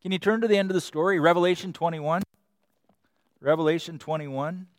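A man preaching a sermon with lively swings between loud emphasis and quiet tenderness. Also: fairly high pitch, a little fast, no echo, studio quality. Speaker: pastor.

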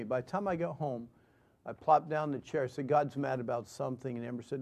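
A man preaching a sermon and telling his own story earnestly, moving between loud emphasis and hushed lines. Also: medium pitch, fairly quick. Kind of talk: sermon with personal testimony.

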